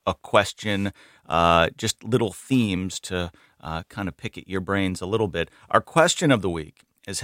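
Man, radio co-host, low voice, casual with fillers, dry close studio mic. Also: dry recording. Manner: relaxed, conversational, many "uh" fillers. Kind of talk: hosting a radio news roundup.

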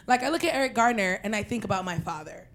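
A young woman from Queens telling a personal story in an animated, profane way, breaking into loud shouted quotes. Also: mid-range voice, fast. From Queens, New York.

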